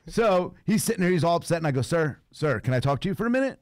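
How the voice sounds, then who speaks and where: A man's voice: high voice, brisk, no echo, clean studio sound. A man hosting a radio show, telling a story in casual chat and acting out the people in it, often laughing. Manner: animated, acts out voices in his stories, laughs often.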